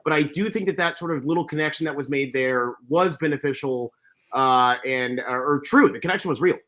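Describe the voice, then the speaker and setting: A man's voice: a little high, fairly quick, a bit bright. A man co-hosting a podcast, earnest and hedging with fillers in casual discussion. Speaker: podcast co-host.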